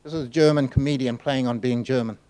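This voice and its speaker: A man gives a sermon in a relaxed, conversational voice. He often pauses and restarts as he works through his points. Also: medium pitch, clean tone, poor audio. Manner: conversational, halting with fillers and restarts. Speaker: preacher.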